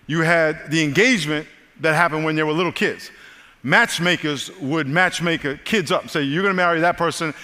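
Older male pastor, bright voice, animated sermon storyteller, big echoing hall. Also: a little high, moderate pace.

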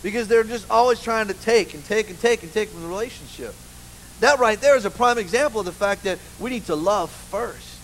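A man preaching a sermon in church, an animated, humorous storyteller who keeps saying "you know". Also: sits high, a little fast, slight background noise, low-quality recording. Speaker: pastor. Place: church with a live congregation.

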